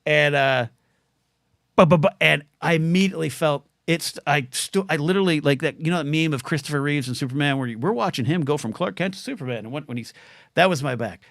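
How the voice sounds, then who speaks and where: A man's voice: on the high side, fairly quick, creaky, a bit bright, no room sound, studio quality. A middle-aged man hosting his own solo podcast livestream, rambling through stories and viewer comments, stumbling over words and getting choked up. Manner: rambling, repeats words, emotional and choked up when thanking viewers.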